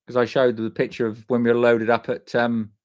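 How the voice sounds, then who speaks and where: His mid-range voice is monotone and fairly quick. He's a live-stream host chatting casually, cursing freely, and reading out viewers' comments, answering them by name in a loose, matey manner.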